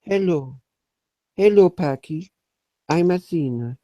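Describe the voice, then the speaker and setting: A man doing an impression of a shy young woman who greets people in short, simple phrases in a high, halting voice. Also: animated, warm tone, no room sound. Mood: shy greeting.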